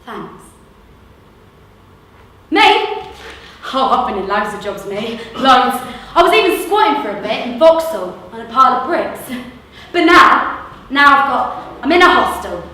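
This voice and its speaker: A woman acting out a gossipy London street seller, her high voice swooping up and down as she spins a stage monologue. She talks slowly, with a bright, sharp edge, in an echoey hall heard from well back. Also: big pitch swings, distant mic, full character voice. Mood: lively. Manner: gossipy storyteller, mimics voices. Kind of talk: theatre monologue.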